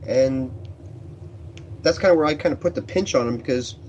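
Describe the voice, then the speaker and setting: A man's voice: mid-range voice, normal speed, a little mellow, muffled recording, slight background noise. A man being interviewed on a radio show who tells long, rambling stories about his field research. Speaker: paranormal researcher guest.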